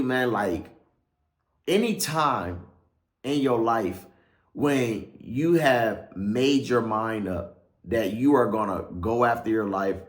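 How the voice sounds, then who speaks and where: A man's voice: mid-range voice, echoey room. A man, a pastor, telling his life story casually in a loose, slangy way, often checking in with "right?". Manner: loose, slangy, keeps asking "right?" and trailing off with "or whatever like that".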